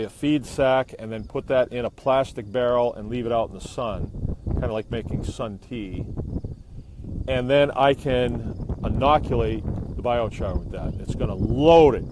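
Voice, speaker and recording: A man's voice: mid-range voice, noisy background. Easygoing New man outdoors. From New England. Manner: easygoing, rambling, jokey. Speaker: biochar maker streaming live. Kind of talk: casual live-stream demonstration. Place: outdoors beside a burning kiln. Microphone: phone held by the speaker. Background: roar of a fire.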